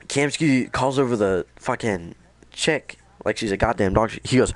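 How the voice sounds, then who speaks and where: A young man casually recapping a video game, energetic and rambling, with lots of swearing. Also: medium pitch, moderate pace, background noise. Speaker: gaming video host.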